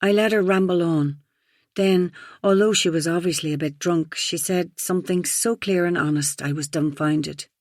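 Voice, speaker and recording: A woman narrating a first-person audiobook thriller in an even, reflective storytelling manner. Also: on the low side, normal speed, dry recording, clean studio sound.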